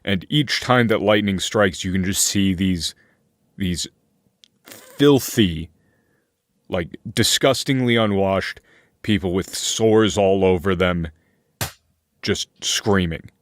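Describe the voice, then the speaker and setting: A man running a tabletop game as game master, setting scenes in slow, deliberate description. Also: low voice.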